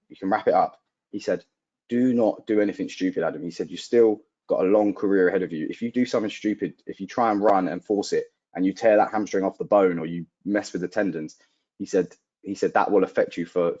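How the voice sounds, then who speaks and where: A man's voice: sits low, darkish tone. A young man, a guest athlete telling a personal story in an interview, acting out the dialogue he quotes and often saying "like". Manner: vivid retelling, acting out quoted dialogue, frequent "like" fillers. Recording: dull lo-fi audio.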